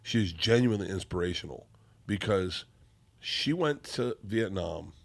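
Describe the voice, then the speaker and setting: Comedian guest, male, lowish voice, rambling excitable storyteller. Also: normal speed, vocal fry. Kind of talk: casual podcast chat.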